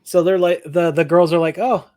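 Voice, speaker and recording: A man co-hosting a podcast, recapping a TV episode in casual chat, animated and laughing often. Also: on the high side, fairly quick, clear, resonant tone. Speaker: podcast co-host.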